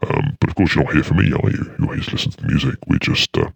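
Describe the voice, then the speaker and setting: A man's voice: very deep voice, big pitch swings, fast, vocal fry, breathy edge, no room sound. A man hosting an internet radio show, chatting casually between tracks in a dry, rambling, self-mocking way. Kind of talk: casual radio chat and music links.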